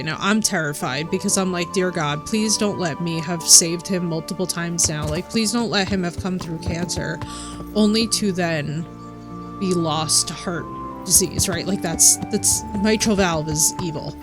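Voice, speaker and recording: A woman's voice: fairly low pitch, moderate pace. Chatty woman streamer with game music. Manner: animated storyteller, quotes people in her own voice. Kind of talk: casual chat while gaming.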